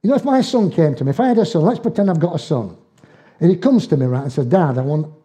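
A man's voice: sits high, big pitch swings, fast, warm tone. A man with a Northern English accent preaching a conversational sermon, telling homely personal stories with humour and frequent laughs. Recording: dull, muffled lo-fi sound.

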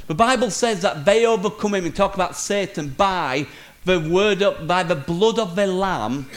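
A man with a fairly high voice preaching a lively sermon. He speaks straight to his listeners, calling them "guys", and shrugs off his mix-ups with a quick laugh. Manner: energetic, addresses listeners as "guys", laughs at his own slips.

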